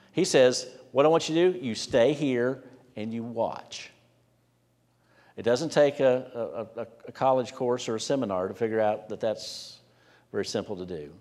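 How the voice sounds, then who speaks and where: A pastor preaching a sermon in an earnest, conversational way, often letting his voice drop softly at the ends of lines. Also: mid-range voice. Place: church sanctuary. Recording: long church hall reverb.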